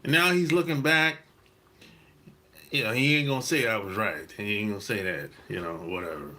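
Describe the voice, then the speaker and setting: A man from South Carolina, hosting a podcast and telling a story in a blunt, emphatic monologue with cursing and drawn-out stresses. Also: fairly low pitch, sharp tone. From South Carolina, USA. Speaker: podcast host. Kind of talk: casual monologue.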